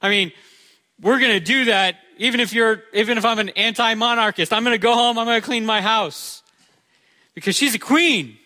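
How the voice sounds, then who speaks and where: A man's voice: high voice, moderate pace, pushed and bright. A male pastor preaching a sermon in a conversational way, with touches of humor.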